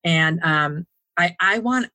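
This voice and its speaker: A woman's voice: fairly low pitch, expressive, slow, pushed and bright, no room sound. Woman telling her story, rambling. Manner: rambling, with frequent restarts and fillers. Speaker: guest. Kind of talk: casual interview storytelling. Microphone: home setup, dry sound.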